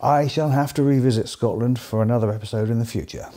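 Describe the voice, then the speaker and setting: English man, host, scripted comedy narration, mellow tone, dry and sardonic. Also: medium pitch, fast. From England.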